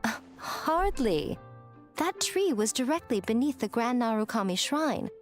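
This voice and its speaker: A sly, teasing priestess. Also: female voice, on the high side, sing-song, measured pace, faint music behind. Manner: teasing and playful. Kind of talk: game voice acting.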